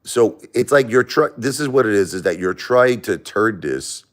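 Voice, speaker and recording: A low-voiced man with an East Coast accent hosts a live stream from home. He talks emphatically and circles back to the same points, shifting between raised protest and hushed blessings. He has been sick for a few days. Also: animated, moderate pace. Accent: East Coast American. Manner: emphatic, repetitive, swings between loud protest and soft blessing. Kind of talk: casual live stream chat. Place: at home by a Christmas tree.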